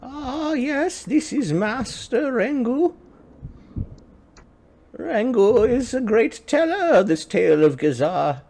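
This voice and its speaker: A man voicing a high-pitched old male monk master who speaks in slow, measured pronouncements. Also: very animated, a little mellow, slight background noise, full character voice. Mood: solemn.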